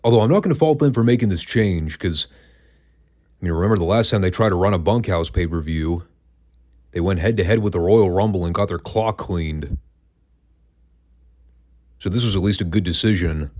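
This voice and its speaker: A man's voice: sits low, moderate pace, long pauses, a little mellow. A man hosting a wrestling podcast, reviewing old matches in a casual, dry and sarcastic way.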